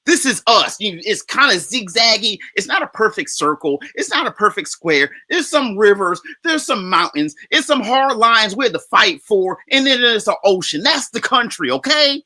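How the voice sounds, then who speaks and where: A man's voice: high-pitched, sing-song, moderate pace, few pauses, pushed and bright, dry recording. A man on a podcast livestream speaking casually, rambling and sometimes losing his thread. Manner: rambling, loses his train of thought, casual slang. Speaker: livestream panelist.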